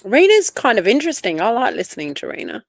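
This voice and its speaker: A woman's voice: on the high side, sing-song, fast talker, vocal fry, no room sound. A woman from Australia with an Australian accent and Italian as her first language, hosting a casual livestream and chatting to viewers. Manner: chatty, greets viewers by name, drifts between topics. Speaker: livestream host. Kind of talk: casual live chat reading comments.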